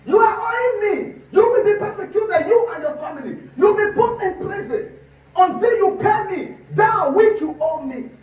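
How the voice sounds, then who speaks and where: A man's voice: extremely high pitch, animated, normal speed, a little mellow, voice pushed up. A man preaching takes the part of a stern king demanding repayment of a debt. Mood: threatening. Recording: echoey hall from a distance.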